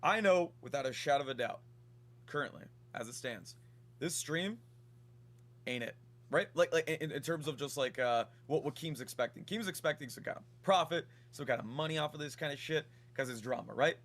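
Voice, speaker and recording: A man talking on a stream in a halting way, with stammering restarts. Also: a little high, a bit bright. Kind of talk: casual stream talk.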